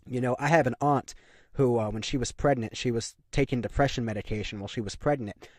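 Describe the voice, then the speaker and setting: A man's voice: mid-range voice, quick pace, a little mellow, no room sound, clean studio sound. A young man delivering an opinionated monologue to camera, ranting emphatically and repeating his points with frequent fillers. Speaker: commentary channel host.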